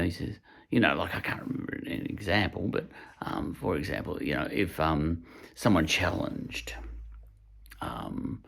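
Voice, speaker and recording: A man's voice: low-pitched, gravelly. An Irish man giving a casual spoken book review, rambling and hesitant as he searches for his words. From Ireland.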